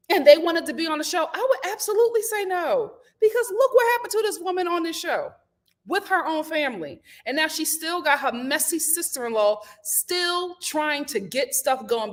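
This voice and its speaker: A woman with a high voice dishes on reality TV in a casual recap. She is sassy and slangy, firing off blunt opinions like a regular host chatting with her viewers. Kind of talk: casual live recap chat.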